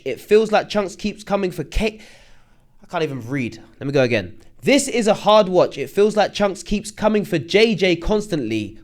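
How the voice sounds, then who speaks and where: A young man, casually commenting on online drama and reading viewer comments aloud with slangy asides. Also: fairly high pitch. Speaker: commentary host.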